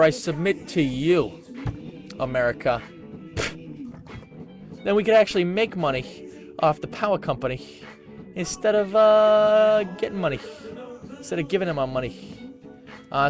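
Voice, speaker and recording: A man's voice: a little high, animated, a little slow, long pauses, over music. A man hosting a casual internet radio show from home on a webcam, reading posts aloud with rambling asides and plenty of fillers. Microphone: webcam microphone.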